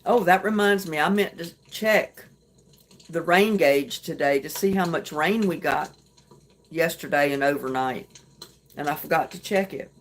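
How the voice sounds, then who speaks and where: Chatty woman, lowish voice, faint hiss. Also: unhurried. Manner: chatty, homey, laughs softly between remarks. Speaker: livestream host. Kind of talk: casual live chat reading comments.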